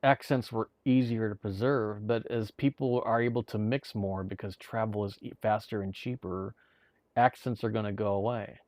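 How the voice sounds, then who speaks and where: A man's voice: on the low side, steady tone, normal speed, darkish tone, dry recording. Rambling male streamer, dry close sound. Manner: rambling, many restarts and repeated words. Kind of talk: casual live-stream chat to viewers. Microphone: streaming mic.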